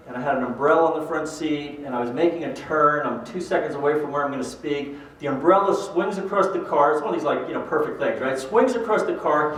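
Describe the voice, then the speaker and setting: A fairly high-voiced older man gives a lively motivational talk, acting out the people in his stories. He is heard from a distance in a big, very echoey hall. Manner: animated storyteller acting out quoted voices. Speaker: speaker at a pro-life event.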